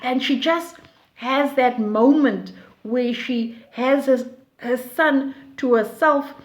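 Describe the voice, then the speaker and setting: A woman with a somewhat high voice talks through a play at a slow, deliberate pace. She reads quoted lines aloud with feeling, then explains them in plain, reflective terms. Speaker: literature teacher.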